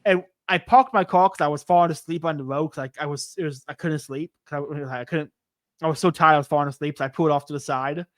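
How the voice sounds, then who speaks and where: A man who hosts a podcast, telling stories in a casual, excitable and rambling way, often restarting his sentences. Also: a little high, fast talker, no room sound, clean studio sound. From United States. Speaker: podcast host. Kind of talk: casual storytelling chat.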